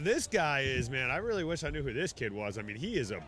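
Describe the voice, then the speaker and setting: A man in his thirties giving casual, excitable live rugby commentary outdoors. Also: mid-range voice, quick pace, slight background noise. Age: 30s. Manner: chatty, excitable, bursts into shouts on big plays.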